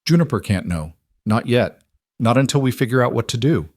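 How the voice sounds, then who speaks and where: A man voicing a struggling rancher who speaks in a flat, defeated way. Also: medium pitch, brisk, dry recording, clean studio sound, pitched above the performer's own voice.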